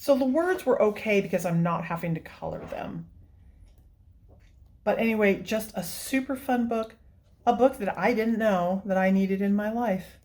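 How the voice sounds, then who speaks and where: A woman's voice: medium pitch, moderate pace, a little mellow. A woman hosting a casual vlog, chatting and gushing as she shows things, laughing often. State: tearful, near crying. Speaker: coloring book channel host. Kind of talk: casual show-and-tell vlog.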